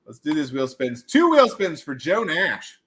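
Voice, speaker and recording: Goofy, animated livestream host, man. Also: on the high side, unhurried. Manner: goofy, animated, slips into silly voices. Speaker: livestream host running giveaways. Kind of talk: casual livestream chat.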